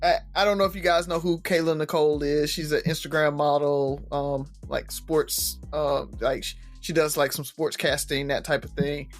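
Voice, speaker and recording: A man's voice: on the high side, level tone, normal speed, hardly any pauses, faint music behind. A man co-hosting a podcast with his brothers, explaining things hesitantly with many ums. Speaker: podcast co-host. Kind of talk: casual chat.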